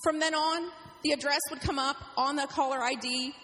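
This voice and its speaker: Brief: middle-aged woman pastor, animated storytelling sermon, high voice, long hall reverb. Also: normal speed.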